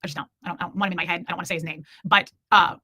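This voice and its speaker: A rapid-fire woman in her forties chats frankly on her livestream, rambling and joking as she answers her viewers. Her voice is bright and forward, recorded close and dry with no room sound. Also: fairly low pitch, steady tone, no room sound. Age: 40s. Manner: candid, rambling, jokey, reacts to chat. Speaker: livestream host. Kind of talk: casual livestream chat reading comments.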